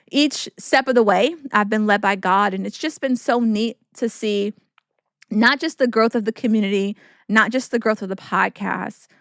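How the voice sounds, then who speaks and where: Woman podcast host, smooth clear voice, encouraging and earnest, dry close mic. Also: mid-range voice, no echo. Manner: warm encouraging, earnest, preacherly repetition. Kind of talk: faith-based reflective podcast talk.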